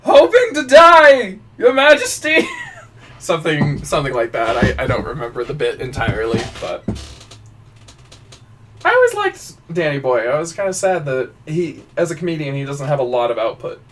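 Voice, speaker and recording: A man's voice: medium pitch, huge pitch swings, normal speed, far from the mic, a little hiss or hum. Guy rambling on his podcast, swears a lot, trips over words, drifts away from the mic. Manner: swearing, stammering, laughing, mimics voices. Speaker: podcast host. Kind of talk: casual chat.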